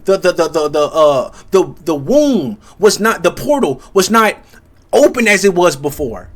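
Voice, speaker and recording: Young male content creator with a high voice, halting and repetitive, musing aloud to his audience. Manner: halting, many restarts, keeps asking "you see what I'm saying". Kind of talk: rambling spiritual commentary monologue.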